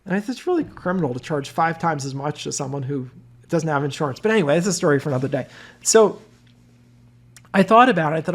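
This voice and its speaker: A man's voice: fairly high pitch, expressive, fast. A man giving an informal course presentation, telling stories in a conversational way. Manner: conversational storytelling. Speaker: business course instructor.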